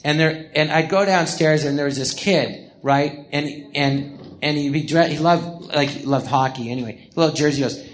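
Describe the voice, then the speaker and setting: A man's voice: on the high side, normal speed. An older man hosting a live podcast, telling rambling memoir anecdotes with restarts and acted-out quotes. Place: podcast theatre before a live audience.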